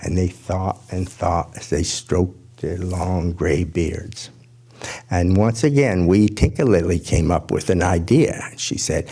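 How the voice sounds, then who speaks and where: A man telling a folk tale to a gathering, in a measured, gentle storytelling manner. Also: deep voice, husky.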